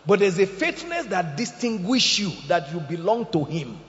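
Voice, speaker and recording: Male pastor, high and animated voice, sermon in a reverberant church hall. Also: normal speed. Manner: animated preaching, swings from shouting to hushed. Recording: echoey hall, muffled sound.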